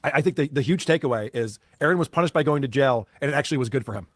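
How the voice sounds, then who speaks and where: A man co-hosting a podcast, excitable and profane, acting out what others said. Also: mid-range voice, very fast, no echo, clean studio sound. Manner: excitable, swears, acts out quotes. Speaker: podcast co-host. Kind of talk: casual podcast chat.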